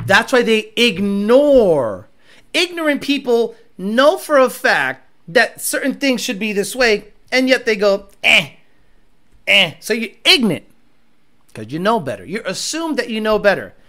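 A man's voice: big pitch swings, measured pace. A man hosting a car channel, ranting at viewer comments in a mocking, profane way. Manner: mocking, profane, swings between low mutters and loud jabs.

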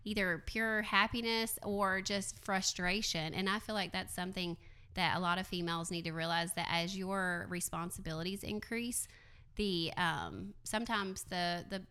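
A frank Southern woman telling personal stories, her voice low-set but bright and crisply clear. She talks plainly and warmly animated when she quotes others. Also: normal speed. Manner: frank, storytelling, animated quoting. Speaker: chamber of commerce president. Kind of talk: casual panel chat.

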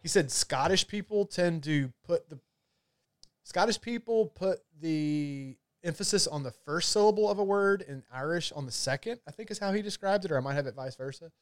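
A man's voice: a little high, expressive, normal speed, no room sound, clean studio sound. Rambling, profane man in casual chat. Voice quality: loose, profane, rambling delivery.

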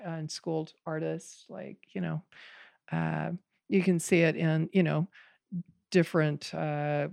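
Gravelly-voiced chatty woman. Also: sits low, no echo. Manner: animated, laughing, rambling with restarts. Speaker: podcast guest, bonsai student. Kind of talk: casual conversation.

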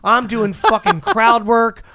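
A man hosting a podcast, telling a profane, animated story in casual chat and laughing mid-story. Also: very high-pitched, takes it slowly, heavy background noise. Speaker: podcast host and stand-up comedian.

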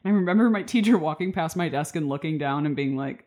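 A woman's voice: lowish voice, animated, fast talker, hardly any pauses, a little mellow. A woman in her twenties hosting a casual podcast conversation, chatty and reflective, laughing often as she talks. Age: 20s. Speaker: podcast host.

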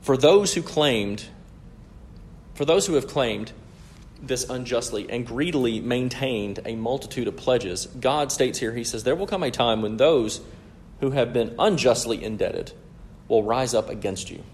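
A man's voice: medium pitch, unhurried, darkish tone, slight background noise. A man preaching an expository sermon in an emphatic, explanatory way, often checking in with "right?".

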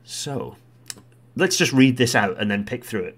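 A man's voice: mid-range voice, animated, a little slow. Exasperated man reading a report. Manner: exasperated, blunt, swears, bursts into loud rants. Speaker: commentator. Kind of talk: commentary on a policy report.

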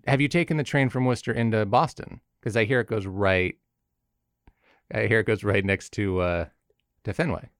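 A young man with a very low voice co-hosts a podcast in relaxed chat. He rambles and laughs at himself, often restarting his sentences. The sound is dry and close. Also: moderate pace, dry recording. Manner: rambling, self-deprecating, frequent restarts. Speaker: podcast co-host. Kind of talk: casual chat.

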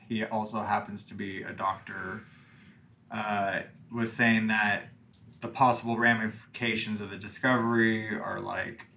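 A man's voice: fairly low pitch, bright, forceful tone, a little hiss or hum. A man co-hosting a casual podcast chat, telling a story in a rambling way full of fillers. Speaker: podcast co-host.

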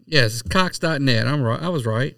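A man trades crude, teasing podcast banter in a gravelly yet smooth voice. He sits a little back from the mic, and the sound is dry and close-walled. His pitch sits in the middle of the range. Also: normal speed, pushed and bright, dry recording, recorded from a distance. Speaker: podcast co-host.

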